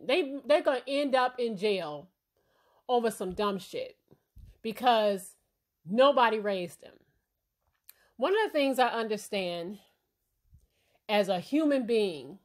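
A woman who is a parent hosting a casual opinion commentary, talking bluntly and emphatically and often checking in with her listeners. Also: fairly high pitch. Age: adult parent. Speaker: commentary channel host.

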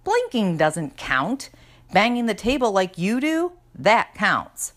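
A snooty teenage girl, as a woman reader puts her on, pitched well above the reader's own low voice and pushed louder. She talks down to her little brother in a sharp, nasty, superior way. A storybook read-aloud. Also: big pitch swings, takes it slowly. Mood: haughty.

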